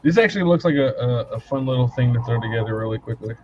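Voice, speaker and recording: A man in a casual podcast chat, animated and teasing, quick to get excited. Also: medium pitch. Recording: dull lo-fi mic with background noise.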